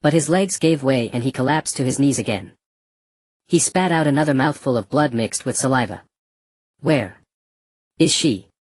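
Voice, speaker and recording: An audiobook narrator reading a fantasy novel in an even, measured storytelling manner. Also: medium pitch, no room sound.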